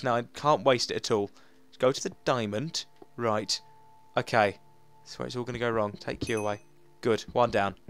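A man's voice: medium pitch, fairly bright tone. A young English man chatting through a game, narrating his moves and mocking himself. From England. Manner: chatty, self-mocking, talks to himself while playing. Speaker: gaming YouTuber. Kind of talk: let's play commentary.

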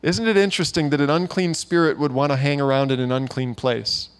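A guest preacher at a church gathering gives a conversational sermon, telling stories informally with many fillers and asides. His voice is on the high side, steady, fairly quick, and clean in tone.

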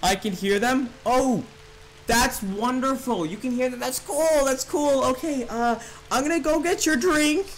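A man's voice: very high voice, unhurried, fairly bright tone, a little hiss or hum. A young man commentating a horror game, joking, swearing and laughing nervously. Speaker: gaming YouTuber.

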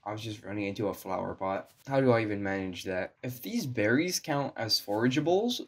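A man's voice: on the low side, expressive, a little fast. A young man giving casual gameplay commentary, sarcastic and profane, talking to himself with a strained voice. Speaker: gaming video creator.

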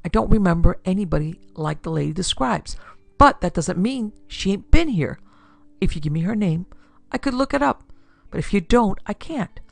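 A woman voicing a gruff, sardonic middle-aged male police sergeant with drawling wisecracks. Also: mid-range voice, animated, normal speed, no echo.

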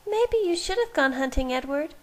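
A woman voicing a doubtful female vampire in a storybook reading, speaking slowly and skeptically. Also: high voice, animated, pitched above the performer's own voice. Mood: worried. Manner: slow, skeptical.

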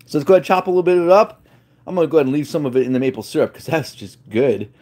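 A man vlogging a casual taste test, excitable and playful with exclamations. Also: a little high, rapid-fire. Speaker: food vlogger.

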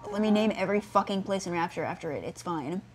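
A woman's voice: on the low side, lively intonation, fast talker, over a noisy crowd, lightly acted. A woman voicing a smug, boastful male city founder in a sarcastic, mocking paraphrase.

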